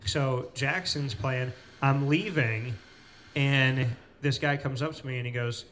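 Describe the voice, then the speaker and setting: A man hosting a casual interview in a cafe, telling stories with lively retellings of what people said. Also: medium pitch, takes it slowly, a little hiss or hum. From Central New York. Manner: animated storyteller, acts out quoted people. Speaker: host.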